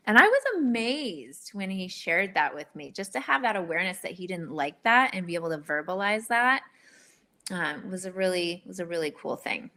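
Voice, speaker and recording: Bright-voiced earnest woman. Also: on the low side, moderate pace. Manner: earnest, candid, animated storytelling. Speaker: guest. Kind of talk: casual interview.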